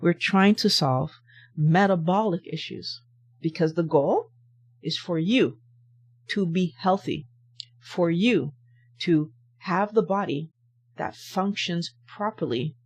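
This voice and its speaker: A woman's voice: fairly low pitch, takes it slowly, pauses often, breathy edge. A woman hosting a health channel, giving a motivational talk to camera and pressing her point with repeated rhetorical questions. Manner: emphatic, repetitive rhetorical questions.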